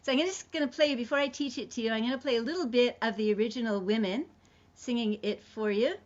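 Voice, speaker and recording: A song leader runs an online singing lesson, chattily explaining a ballad before singing the refrain syllables. She has a high-ish voice and talks fast, heard through a computer mic on a video call with dull lo-fi audio.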